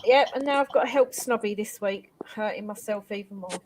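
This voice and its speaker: A woman's voice: mid-range voice, a little fast, a little hiss or hum, rough recording. An older woman hosting a live chat stream, chatting casually with panel guests and thanking viewers. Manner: chatty, warm sign-off thanks.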